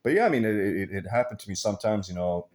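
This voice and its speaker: A man's voice: lowish voice, lively intonation, fast talker, a little mellow. A man talking in a casual, rambling vlog monologue, swearing freely and laughing often. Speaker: vlogger.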